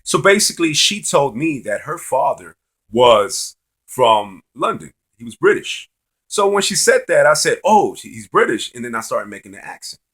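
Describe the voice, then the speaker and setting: Dating vlogger, male: brash and bright, swears freely, rambling anecdote style. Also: medium pitch, big pitch swings, moderate pace, husky. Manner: profane, loose, repetitive. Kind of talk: casual storytelling monologue.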